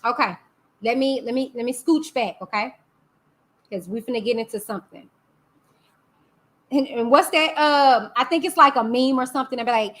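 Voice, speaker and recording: A woman's voice: on the high side, normal speed, long pauses, a bit bright. A woman hosting a casual live-stream commentary, sassy and chatty, talking back to her chat. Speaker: YouTube host.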